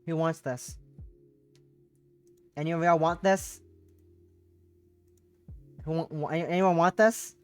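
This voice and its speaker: A woman's voice: deep voice, fairly even intonation, takes it slowly, long pauses. A young woman streamer, reading a visual novel aloud and chatting with viewers. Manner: reads narration and dialogue aloud, breaks off to chat with viewers. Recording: dry close mic with faint music behind.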